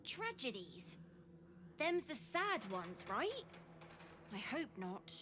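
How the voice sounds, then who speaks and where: A woman's voice: high voice, very animated, slow, background noise, full character voice. The speaker plays a plucky young girl. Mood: pleading. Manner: folksy, rustic speech. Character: earnest orphaned young girl, plucky and hopeful. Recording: dull game audio capture.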